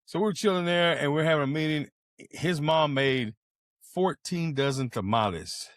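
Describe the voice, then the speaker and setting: A man's voice: fairly high pitch, normal speed, dry recording, studio quality. An older man co-hosting a casual chat, telling jokey stories with a lot of swearing. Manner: profane, joking storyteller. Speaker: podcast co-host. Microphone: video call.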